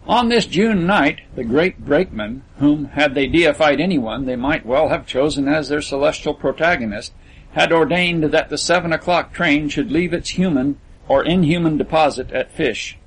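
A man narrating a literary story in a measured, descriptive way. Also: on the high side, a little hiss or hum, rough recording. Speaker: audiobook narrator.

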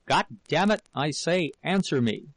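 A man playing a furious young husband who shouts and demands answers, in a slow, gravelly reading. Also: on the high side, no echo. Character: furious young working-class husband, violent temper.

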